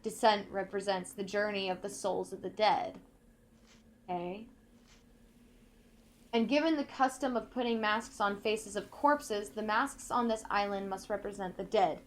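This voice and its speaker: Woman gamer, reading game notes aloud, careful and unhurried, mid-range voice, asides between passages. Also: mid-range voice, slight background noise. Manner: reads text aloud slowly and carefully, breaking off to comment. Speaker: let's play gamer.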